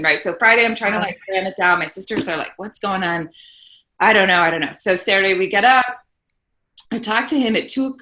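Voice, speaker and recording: A woman's voice: mid-range voice, bright, forceful tone. A woman guest on a podcast, telling a painful personal story earnestly and checking in with "right?". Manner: earnest, tags points with "right?". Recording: roomy echo.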